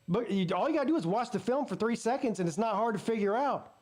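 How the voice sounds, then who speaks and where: A man's voice: very high voice, lively intonation, fast talker, darkish tone. A man hosting a live football watch party, giving blunt, profane play-by-play between fired-up rants. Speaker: sports channel host.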